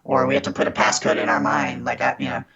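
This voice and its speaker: A man's voice: medium pitch, level tone, quick pace, bright, forceful tone, highs cut off. A man guest on a podcast, earnestly telling stories of fighting scammers, often restarting his sentences. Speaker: podcast guest, scam baiter. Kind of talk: casual interview storytelling.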